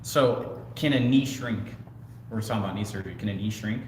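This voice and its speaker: A man with a fairly low voice co-hosts a relaxed livestream chat, talking in an easygoing, earnest way. His voice rings in an echoey room with a long tail, and faint noise sits underneath. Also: fairly quick. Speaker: co-host. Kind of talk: casual livestream chat reading comments.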